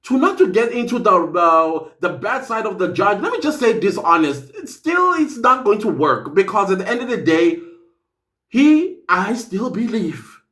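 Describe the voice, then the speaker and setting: South african guy ranting about a case, high voice that jumps all over the place. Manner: animated, incredulous, emphatic. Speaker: commentator. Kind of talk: opinionated casual commentary.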